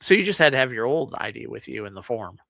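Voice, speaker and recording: A man's voice: mid-range voice, sing-song, fast talker, creaky, bright, forceful tone, dry recording. A man co-hosting a casual chat, chiming in with short questions and teasing jokes. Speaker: podcast co-host.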